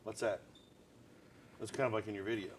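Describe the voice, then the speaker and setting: A man hosting a casual live-stream chat, quizzing his co-host with quick follow-up questions. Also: fairly low pitch, little pitch movement, a crowd in the background. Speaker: show host.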